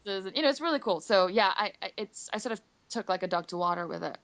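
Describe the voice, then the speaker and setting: A woman's voice: mid-range voice, lively intonation, fairly bright tone. A woman from Singapore, a voice actress, chatting as the guest of an interview over a conference call in a bubbly way. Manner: bubbly, chatty and quick to laugh. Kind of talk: casual interview answers.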